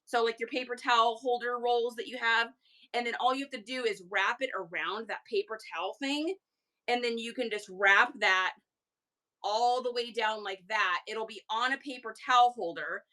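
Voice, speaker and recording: A woman chats casually through a reseller livestream, animated and prone to rambling asides. Her voice sits a little high and sounds strikingly bright. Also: moderate pace.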